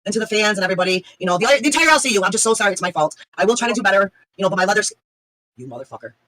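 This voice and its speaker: A woman rattles off a mock apology at great speed, cursing freely. Her voice is bright and tense. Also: medium pitch, animated, no echo, low-quality recording. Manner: profane, rapid, mock-contrite. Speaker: stream show host. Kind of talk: heated livestream banter.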